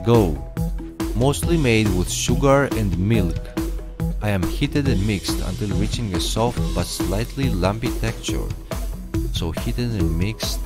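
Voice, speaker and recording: A man voicing a pompous knight of a secret order in a video game, grandiose and theatrical, slipping into game-show host patter. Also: fairly low pitch. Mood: showman. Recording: game audio over loud music.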